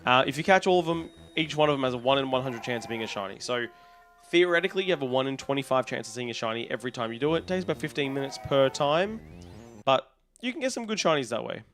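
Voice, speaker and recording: A man's voice: mid-range voice, expressive, fast, fairly bright tone. Tired Australian man streaming a game. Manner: rambling, chatty, talks to chat while resetting a game. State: tired, yawning. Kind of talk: casual live-stream chat.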